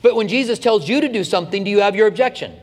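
A man's voice: sits high, racing, long reverb tail. A male pastor giving a conversational radio Bible teaching, with frequent restarts and asides.

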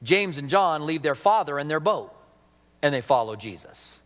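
A man with a high, bright-edged voice preaches a sermon, talking to the congregation like a conversation and asking them questions. His words ring out with a long reverb, as in a big hall. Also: big pitch swings, normal speed. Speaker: pastor.

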